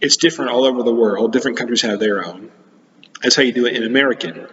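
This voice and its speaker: A man's voice: mid-range voice, fast, fairly bright tone. A man gives a children's science lesson in a chatty manner and walks his listeners through hands-on demonstrations. The recording sounds dull and muffled, and a long reverb trails after his words as if he is in a big hall. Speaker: science teacher.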